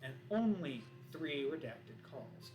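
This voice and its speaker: A male streamer narrates his improvised tale with dramatic, animated delivery and a lively rise and fall. His voice sits a touch higher than most men's. Loud music plays underneath. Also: slow, reverberant, poor audio. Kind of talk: improvised spoken storytelling. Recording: voice over loud background music.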